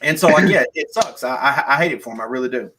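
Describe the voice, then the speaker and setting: Bright-voiced rambling streamer man. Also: medium pitch, animated, fast. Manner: rambling, with frequent restarts and "like". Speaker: streamer hosting a live call-in. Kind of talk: casual live-stream chat.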